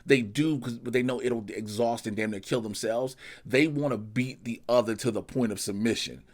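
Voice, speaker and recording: Man, movie reviewer, casual, slangy, swears a lot, mid-pitched voice. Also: normal speed. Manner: animated, profane, slangy storytelling.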